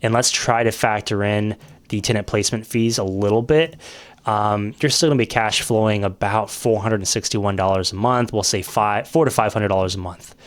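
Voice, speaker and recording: Low-voiced man walking through rental numbers. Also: steady tone, moderate pace. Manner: conversational, many fillers and restarts, thinking aloud over numbers. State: coughing now and then. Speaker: realtor explaining rental investing. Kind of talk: casual screen-share explainer.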